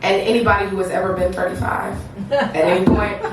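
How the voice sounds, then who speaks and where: A woman's voice: mid-range voice, steady tone, a little fast. A woman in her thirties performing spoken word poetry live on a theatre stage, with a rhythmic repeated refrain and banter with the crowd. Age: 30s. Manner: rhythmic, repetitive refrain delivery with frequent laughter and crowd banter. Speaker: featured poet. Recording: echoey theatre, distant mic, audible hiss.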